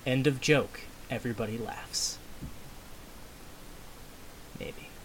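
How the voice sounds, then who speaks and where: A man hosting a homemade comedy recording, telling a joke with loud high character voices and mumbling apologies afterward. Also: slow pace. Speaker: comedy show host. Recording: faint hiss.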